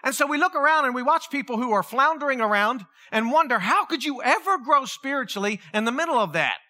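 Male pastor, conversational sermon; sharp, bright tone, highly animated delivery. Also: quick pace. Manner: animated, conversational preaching with acted-out quotes.

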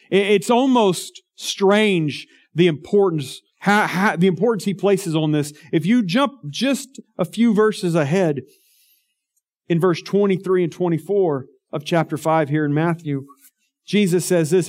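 A man's voice: fairly high pitch, darkish tone. A man preaching a sermon as pastor, earnest and emphatic, often putting rhetorical questions to his listeners.

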